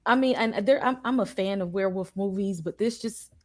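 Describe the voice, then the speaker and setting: A woman chatting casually as a podcast guest, hesitant and halting, often restarting her words. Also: mid-range voice.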